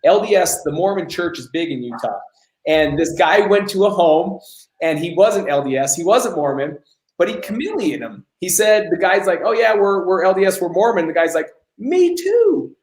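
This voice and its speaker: A man's voice: high-pitched, moderate pace, reverberant, poor audio. A man hosting a live Q&A on business coaching, telling stories and acting out the dialogue. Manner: animated storyteller, acts out quoted dialogue. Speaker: host.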